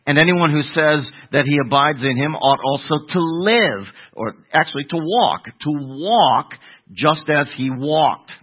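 An older pastor with a slightly rough, higher-leaning voice preaches a Bible sermon, animated yet unhurried. He asks the congregation questions and supplies the answers, heard through a tinny, phone-like radio broadcast.

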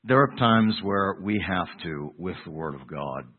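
A man preaches in an easy, conversational way, often restarting his phrases and swinging between loud, stressed points and quiet asides. His voice sits a little low and has a husky edge. The sound is thin and tinny, like a phone line. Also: expressive, a little slow. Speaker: pastor. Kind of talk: sermon.

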